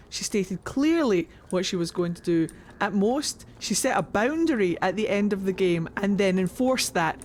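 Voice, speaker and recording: A woman streaming a game live, chatting in an excitable, rambling way and swearing freely. Her voice sits at a middle pitch, with a faint hiss behind it. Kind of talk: live gameplay commentary.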